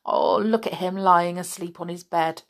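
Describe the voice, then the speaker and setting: A woman's voice: fairly low pitch, normal speed, natural voice. A woman voicing a cheerful, bossy young boy in a storybook reading. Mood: explaining.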